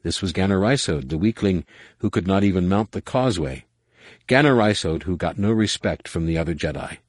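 Low-voiced man narrating an audiobook. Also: lively intonation, no room sound, studio quality. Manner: measured, dramatic reading. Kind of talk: scripted narration.

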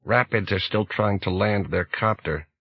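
A man's voice: fairly low pitch, unhurried, a bit bright, husky, no room sound, heavily acted. A man doing an alert male gang lookout.

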